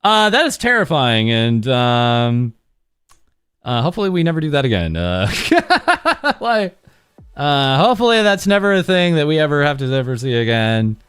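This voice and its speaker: A man's voice: on the high side, sing-song, normal speed, a bit bright, smooth, no echo. A man casually commenting over clips as host of a news show, rambling with many uhs. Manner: rambling, full of uhs and laughs.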